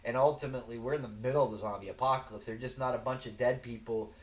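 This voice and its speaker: A man's voice: medium pitch, steady tone, fast, a little mellow. Earnest rambling Southern American man. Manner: earnest, rambling, many restarts. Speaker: show host. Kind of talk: casual spoken commentary.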